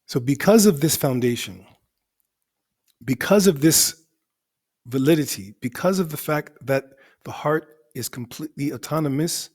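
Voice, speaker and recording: A man's voice: a little high, lively intonation, moderate pace, long pauses, darkish tone, husky. A male teacher explaining the grammar of an Arabic poem line by line, in a methodical way that repeats and rephrases for emphasis.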